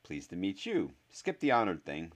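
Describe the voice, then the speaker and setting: A man's voice: sits low, huge pitch swings, moderate pace, exaggerated voice. A man voicing an intense young boy who fumbles through an apology with hesitant ums. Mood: brisk. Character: boy of about eleven, anxious, fumbling, rather intense.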